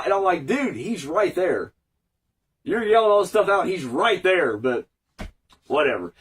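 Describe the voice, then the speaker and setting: A man's voice: sits high, big pitch swings, moderate pace, husky, recorded from a distance. A man with a cold giving a casual, rambling, sweary recap review of an episode, full of fillers. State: fighting a cold.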